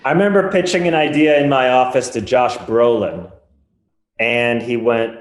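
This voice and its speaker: A man's voice: medium pitch, reverberant. A man telling comedy-writing stories in casual chat, rambling and correcting himself often. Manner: rambling anecdotes with quick self-corrections. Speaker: podcast guest, comedy writer.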